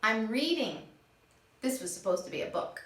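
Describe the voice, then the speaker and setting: A woman teaching young children, acting out each word she explains in a slow, animated way. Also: on the high side. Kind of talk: children's lesson. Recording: echoey room.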